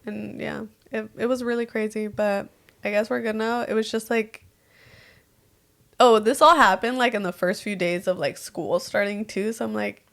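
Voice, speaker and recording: Young female co-host, mid-pitched, chatty, filler-heavy delivery. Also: steady tone, moderate pace, gravelly. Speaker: podcast co-host. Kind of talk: casual chat.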